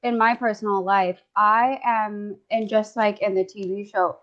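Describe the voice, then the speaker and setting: Brief: chatty woman guest, lots of "like", mid pitch, dull lo-fi call audio. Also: fairly even intonation, a little slow, a bit bright. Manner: chatty, rambling, many "like" fillers, laughs often. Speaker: guest discussant. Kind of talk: casual chat.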